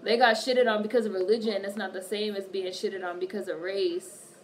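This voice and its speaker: Captured on a distant mic with faint background noise, a livestream host reads her viewers' comments aloud and swears plenty as she replies. She's a woman with a mid-range voice, a steady tone, and a moderate pace, and the stream is casual.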